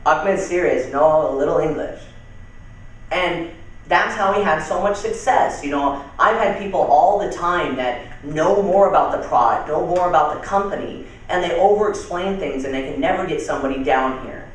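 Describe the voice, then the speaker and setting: A young man giving casual, energetic sales training with stories, talking loosely and calling people dude and man, heard from far off in a very echoey room. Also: a little high, moderate pace, few pauses. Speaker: network marketing trainer. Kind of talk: training talk with storytelling.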